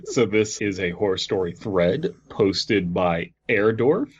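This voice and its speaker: Low-voiced man hosting, dull recording. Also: animated, slow, husky. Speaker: podcast host. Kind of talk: casual chat and story reading. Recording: dull lo-fi sound.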